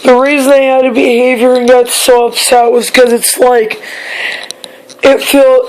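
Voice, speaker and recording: A young woman, a bit hoarse, talking in a casual personal vlog, halting and repeating herself as she searches for words. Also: a little high, flat delivery, rough recording. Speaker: vlogger.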